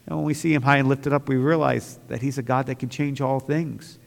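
Male pastor preaching; mid-range voice, shifts from hushed reflection to fervent peaks, long church reverb. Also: mid-range voice, little pitch movement, brisk, vocal fry, hardly any pauses. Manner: swings from quiet reflection to loud fervent outbursts. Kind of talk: sermon.

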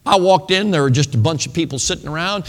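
A man's voice: fairly high pitch, animated, fast talker. Chatty preacher man in a big hall. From northern United States. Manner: chatty, often checks in with the audience. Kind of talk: storytelling sermon. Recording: long reverb of a large hall.

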